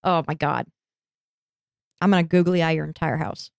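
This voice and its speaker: A woman's voice: deep voice, moderate pace, vocal fry, darkish tone, no room sound, clean studio sound. A woman co-hosting a casual podcast, playful, laughing and frank. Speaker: podcast co-host. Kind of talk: casual chat.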